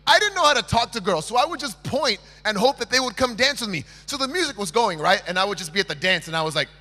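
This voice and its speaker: A lively speaker from Texas talks to a young audience, joking and throwing questions at the crowd. His voice is high and bright. It carries the long reverb of a large conference hall. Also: quick pace. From Texas, USA. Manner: energetic, playful, jokes and asks the audience questions. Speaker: motivational speaker. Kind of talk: comedic motivational talk to students.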